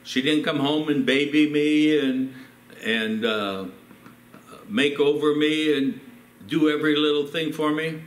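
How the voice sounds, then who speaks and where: An older pastor in a church tells personal stories during his sermon, acting out the quotes as he goes. His voice is a little high and unhurried, with a roomy sound around it.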